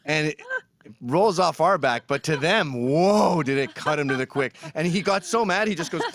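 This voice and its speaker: Animated man with a high, lively voice. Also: moderate pace. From immigrant who got a green card. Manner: animated, acts out quotes in put-on voices. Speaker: host. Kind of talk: casual comedic storytelling.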